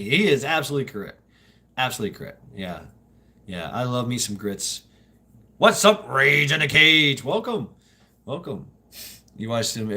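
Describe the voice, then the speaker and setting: With a sharp tone in a mid-range voice, this Southern livestream host rambles casually, swears freely, and laughs a lot.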